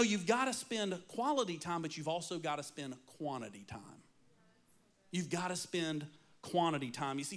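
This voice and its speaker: A man preaching a sermon, telling stories with playful asides and animated delivery. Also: sits high. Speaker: pastor.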